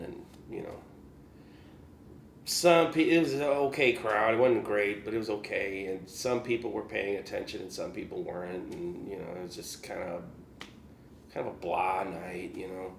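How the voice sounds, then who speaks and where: A man's voice: on the low side, gravelly, slight background noise. A male guest musician telling gig stories in a casual, rambling way, full of "you know" fillers and chuckles. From Chicago area, US. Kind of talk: casual storytelling. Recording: roomy echo.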